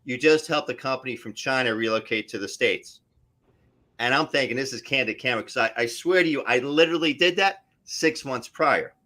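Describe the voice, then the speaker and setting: A middle-aged man, an actor, telling stories casually on a live stream in an animated way. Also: mid-range voice, fairly quick. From New Jersey area. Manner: animated, tells stories with voices and asides. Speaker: actor guest.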